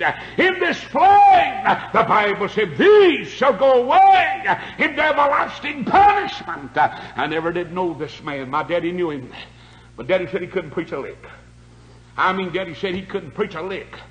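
An older man preaching a fiery revival sermon, swinging between shouted peaks and quiet, hushed stretches. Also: high voice, low-quality recording.

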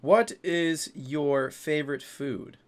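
A man's voice: fairly high pitch, slow pace, noisy background. A young man on voice chat while gaming with friends, teasing them, laughing a lot and talking crudely. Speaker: gamer in online voice chat.

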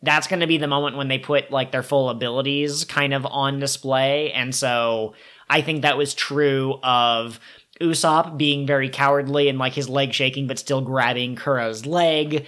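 A low-pitched woman co-hosting a relaxed podcast chat. She talks in long, lively stretches and breaks into goofy voices to act out characters' lines. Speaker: podcast co-host.

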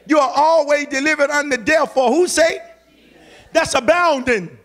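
High-voiced fervent male preacher. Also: steady tone, brisk, a bit bright. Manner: fervent, urging the congregation in call-and-response; colloquial, repeats phrases for emphasis. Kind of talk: sermon.

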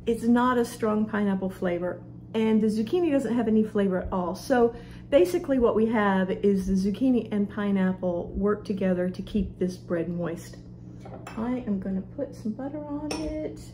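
A woman's voice: mid-range voice, normal speed, dark tone, slight background noise. A middle-aged woman, chatting homey and friendly to viewers as she shows a recipe in her kitchen. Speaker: cooking show host. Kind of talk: casual cooking demonstration. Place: home kitchen.

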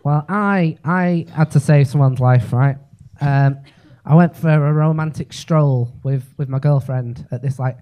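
Man, Liverpool accent, stand-up comic, fairly high voice, rapid rambling delivery, keeps saying right. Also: warm tone. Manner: rapid storytelling, peppered with "right?" and swearing. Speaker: stand-up comedian. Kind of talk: stand-up set. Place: comedy club stage.

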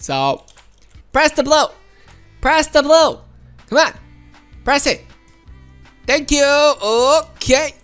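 A woman's voice: a little high, a bit bright. A woman giving casual gameplay commentary, playful and coaxing her teammates, often laughing. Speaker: gaming commentator.

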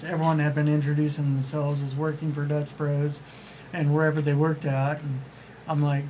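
Man with a slightly high voice, rambling. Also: completely flat delivery, brisk, warm tone, a little hiss or hum, low-quality recording. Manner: rambling, enthusiastic storyteller who acts out quoted dialogue. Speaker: author and interview guest. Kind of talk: casual radio interview storytelling.

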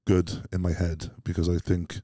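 Welsh man, very deep and dark-toned, rapid-fire rambling anecdotes, blunt and self-questioning; guest in a casual chat. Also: completely flat delivery, no room sound, clean studio sound. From Wales. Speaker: podcast guest. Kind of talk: casual interview storytelling.

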